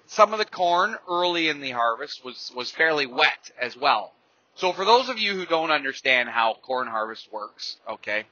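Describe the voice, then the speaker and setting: A man's voice: a little high, bright, forceful tone, no echo. A man hosting a podcast, telling stories and ranting bluntly and profanely in a rambling, casual way. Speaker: podcast host. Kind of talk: casual storytelling rant. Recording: dry, slightly dull lo-fi recording.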